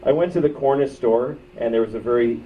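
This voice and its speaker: A man's voice: mid-range voice, fast talker. A man doing a stand-up comedy set in a club, rambling through crude, self-mocking stories. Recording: muffled bootleg audio from far off, with crowd and noise. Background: audience laughter.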